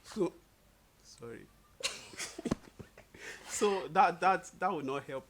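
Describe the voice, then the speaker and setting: An easygoing young man in a relaxed conversation, his voice sitting a little higher than most men's. He laughs often and slips into playful quoted voices while telling stories. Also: slow pace, background noise. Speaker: co-host. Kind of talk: casual couple chat.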